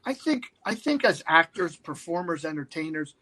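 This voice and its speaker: A man in his fifties tells a long, lively anecdote in casual talk. His voice sits high and sounds bright and forceful. He keeps jumping into quick impressions of the people in the story. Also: low-quality recording. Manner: animated anecdote-teller who slips into quoted voices. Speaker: guest actor.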